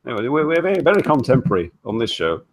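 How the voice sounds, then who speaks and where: Older man with a lively, bouncing voice. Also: medium pitch, very fast. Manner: lively, self-mocking, stumbles over words. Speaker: host of a weekly online hangout. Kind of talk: casual chat.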